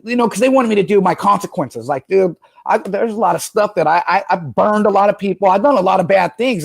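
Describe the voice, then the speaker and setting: A man's voice: high-pitched, quick pace, gravelly. A middle-aged man talking loosely and rambling, telling his recovery story in a casual interview. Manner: loose, rambling, says "dude" a lot. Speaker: guest, professional skateboarder.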